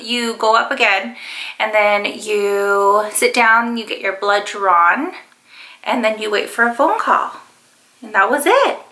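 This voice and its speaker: A woman's voice: a little high, sharp tone. A young woman casually telling a rambling personal story to the camera, with frequent fillers. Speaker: vlogger.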